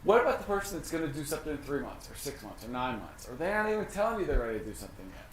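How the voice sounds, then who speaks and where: Energetic man presenting in an echoey room. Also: on the high side, very fast, crowd noise. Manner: energetic, conversational, acts out client dialogue. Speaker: real estate brokerage leader. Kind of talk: information session presentation. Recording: echoey room with faint noise.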